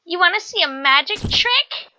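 A woman's voice: very high voice, expressive, moderate pace, sharp tone, slight background noise, full character voice, poor audio. A woman voicing a menacing, bossy female spider villain who taunts and threatens. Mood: taunting.

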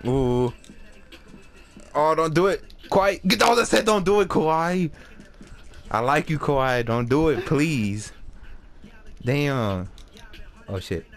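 A man giving casual, excitable commentary while playing a basketball video game, swearing and trash-talking. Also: on the high side, slow, long pauses. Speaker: gameplay commentator.

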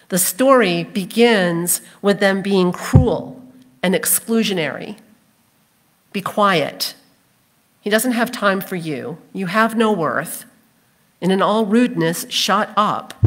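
A woman pastor preaching a sermon in a church, speaking slowly and deliberately. Her voice sits on the low side for a woman. She tells the story with expression and briefly acts out the voices in it. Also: fairly bright tone. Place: church sanctuary.

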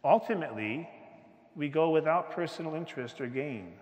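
Man, preacher, slow emphatic sermon, dramatic pauses, lively pitch, long reverb. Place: church.

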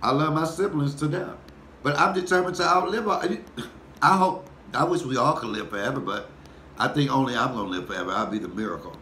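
Comic, cussing rant, mid-pitched voice, echoey room, faint hiss. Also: male voice, a little fast. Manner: profane, animated storytelling. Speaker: comedian vlogger. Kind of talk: casual mukbang rant.

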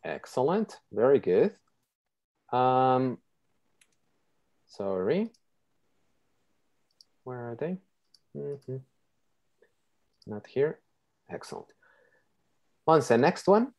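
A woman's voice: a bass voice, sing-song, a little mellow. A woman teaching an online English class on a video call, patient and checking in with her students often. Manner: slow, patient, checks in with okay.

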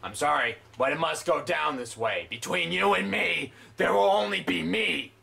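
A man putting on a deep, slow, mock-threatening voice as a grown man taunting his prey. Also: creaky, sharp tone, heavily acted. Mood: menacing.

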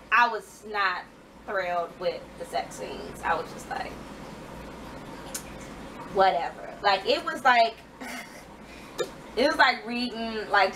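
A woman's voice: mid-range voice, takes it slowly, pauses often, fairly bright tone, far from the mic, a little hiss or hum, low-quality recording. A woman ranting frankly about books in a casual reading wrap-up vlog, full of fillers and swearing. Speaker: book vlogger.

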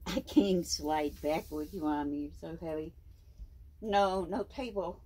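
Husky older woman cooing at her pet. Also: a little slow, warm tone. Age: 70s. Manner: coos in high sing-song baby talk, laughs often. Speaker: snake owner. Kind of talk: casual talk to a pet. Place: indoors at home.

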